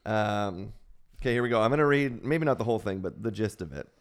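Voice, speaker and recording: A man's voice: lowish voice, lively intonation, quick pace, clear, resonant tone. A man hosting a casual theology podcast, joking with his co-hosts and reading a listener question aloud. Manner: jokey, laughs often, reads listener questions aloud. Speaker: podcast host. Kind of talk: casual chat.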